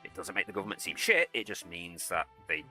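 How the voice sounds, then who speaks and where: A man's voice: deep voice, big pitch swings, a little fast, sharp tone, faint music behind. A young man streaming a game, chatting bluntly and swearing as he rambles. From United Kingdom. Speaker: gaming streamer and soldier. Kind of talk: casual chat while gaming and reading chat.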